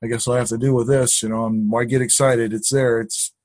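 A man's voice: medium pitch, level tone, brisk, a little mellow, dry recording. A man who maintains machines at work, casually telling a rambling, self-deprecating story about his day and often repeating himself.

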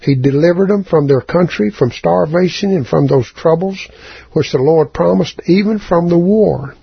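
A man preaching a sermon as a folksy, halting story, with a raspy voice and many restarts. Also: on the high side, no room sound, lo-fi sound. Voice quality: raspy, gravelly.

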